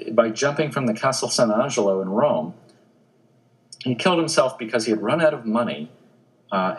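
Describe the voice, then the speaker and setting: A man who is a newspaper obituary editor, a guest in an interview, telling anecdotes in an animated way with frequent restarts. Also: mid-range voice, poor audio.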